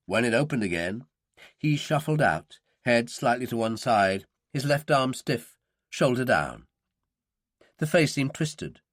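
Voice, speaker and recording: Male thriller narrator, mid pitch, expressive, dry close recording. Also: no room sound. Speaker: audiobook narrator. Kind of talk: scripted narration.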